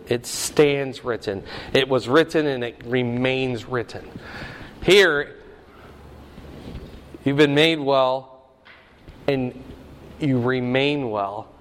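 A man's voice: medium pitch, a bit bright, in a large hall, a little hiss or hum. A man preaching a sermon, teaching the meaning of Greek words with rising emphasis. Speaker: pastor.

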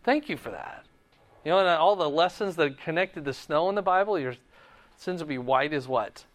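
A man's voice: fairly high pitch, fairly quick. A man teaching a Bible class, asking the group questions and closing in prayer. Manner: asks the class questions, animated emphasis then quiet prayer.

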